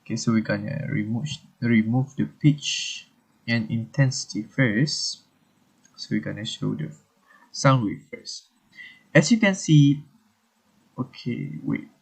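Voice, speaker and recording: Young male student walking through a tutorial, unhurried and halting, slightly husky. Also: medium pitch. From Malaysia. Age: young adult. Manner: unhurried, halting, talks through on-screen steps. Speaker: student presenter. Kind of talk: screen-recorded software tutorial.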